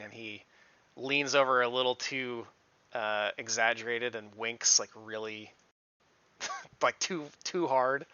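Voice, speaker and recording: A man narrating as game master of a tabletop game, lively and full of laughter. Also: medium pitch, slow, long pauses, clean tone, no room sound. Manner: lively, laughing, many fillers. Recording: dull lo-fi audio.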